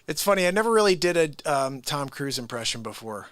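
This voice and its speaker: A man's voice: fairly high pitch, sing-song, fast talker, fairly bright tone, no room sound, clean studio sound. A man hosting a casual livestream, chatting directly to viewers about his impressions.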